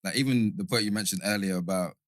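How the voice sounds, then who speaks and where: Fast-talking low-voiced male podcast guest. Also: fairly bright tone, dry recording, clean studio sound. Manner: measured, explains points in long runs. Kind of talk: casual podcast chat.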